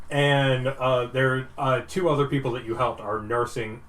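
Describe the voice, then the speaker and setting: A man narrating as game master of a tabletop game, relaxed and quick to laugh. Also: mid-range voice. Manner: relaxed, laughs often, lively delivery. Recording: voice a bit off-mic, faint background hiss.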